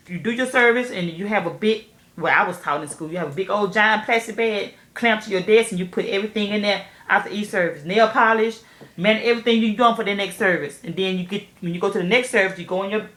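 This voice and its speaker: Woman w/ aave vlogging, cussing a lot, talking right at her viewers, mid pitch. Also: roomy sound. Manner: animated, profane, talks straight to viewers as "y'all". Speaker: nail technician vlogger. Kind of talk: candid storytelling to camera.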